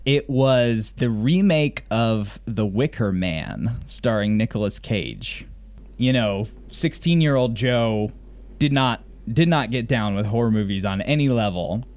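At a measured pace, a man with a medium-pitched, darkish voice gives a casual, rambling, enthusiastic recap of a TV episode as a podcast co-host. He hails from Mississippi, though his Southern accent is mostly gone, leaving a largely general American sound.

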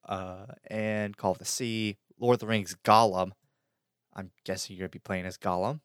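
A young man hosts a casual gaming podcast, his voice on the low side and recorded close and dry. He talks loosely, pausing on fillers and laughing easily. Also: fairly even intonation, clear, resonant tone, no room sound. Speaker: podcast host. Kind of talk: casual chat.

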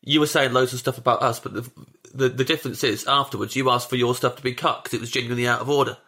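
A man's voice: mid-range voice, fairly even intonation, fast, sharp tone. A man, a comedian on a podcast, chatting animatedly and acting out his own thoughts as he rambles. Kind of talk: casual chat.

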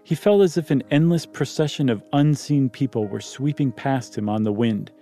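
A man with a mellow, medium-pitched voice reads a ghost story aloud at a moderate pace, soft music playing behind him. He reads plainly but stops now and then to joke and comment, making it casual storytelling with banter.

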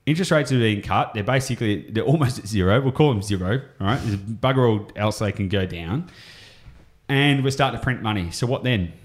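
A man's voice: on the low side, a little fast. An Australian man explaining property investing on a podcast, enthusiastic and rambling, often going off on tangents.

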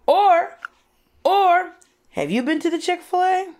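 A woman co-hosting a comedy podcast, arguing in a brash, animated way and swearing freely. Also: very high voice, slow. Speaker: podcast co-host. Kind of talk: casual comedic debate.

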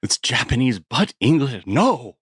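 A man's voice: medium pitch, big pitch swings, a little slow, breathy edge, dry recording, clean studio sound. A man co-hosting a podcast in loose, jokey casual chat, swearing freely. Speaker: podcast co-host.

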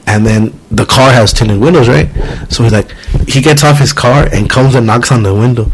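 A man's voice: mid-range voice, normal speed, slight background noise, low-quality recording. A man hosting a podcast in casual chat, rambling and cursing freely while acting out the people in his stories. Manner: rambling, swears freely, acts out quotes. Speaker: podcast host.

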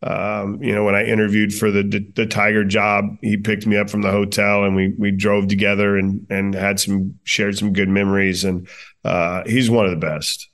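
A man in his forties with a fairly low voice, a baseball manager on a podcast. He tells his stories in a chatty, relaxed way, full of fillers and laughter. The talk stays loose and conversational. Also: normal speed. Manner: chatty, laughs through anecdotes, many fillers. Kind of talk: casual interview storytelling.

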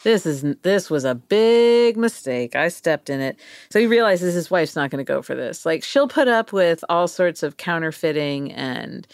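A woman's voice: fairly low pitch, animated, moderate pace, clear, resonant tone, dry recording, studio quality. A woman co-hosting a podcast, telling a story in a playful, casual way, laughing often and acting out quoted voices. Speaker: podcast co-host.

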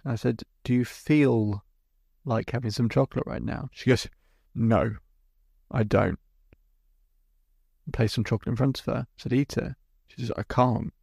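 A man's voice: medium pitch, fairly even intonation, a little fast, gravelly, warm tone, breathy edge, dry recording, clean studio sound. A man hosting a podcast as a hypnotherapist, telling a client's story in vivid detail and acting out both sides of the conversation. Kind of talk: storytelling monologue.

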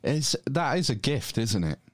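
A man's voice: mid-range voice, big pitch swings, unhurried, no room sound, studio quality. A man with a Northern English accent chatting casually on a podcast, hesitant with plenty of ums and restarts. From Northern England. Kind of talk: casual chat.

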